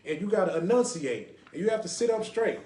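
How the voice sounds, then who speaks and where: A man hosts a laid-back podcast, talking in loose runs that keep circling back to "you know what I mean". His voice sits a little high for a man, and it bounces around an echoey room. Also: expressive, brisk, warm tone. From Lake Highlands, North Dallas, Texas. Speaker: podcast host. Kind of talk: casual podcast talk with call-ins.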